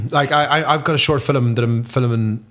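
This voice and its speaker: An Irish man chatting as a podcast guest, animated and swearing freely, dropping into quick impressions. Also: medium pitch. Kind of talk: casual chat.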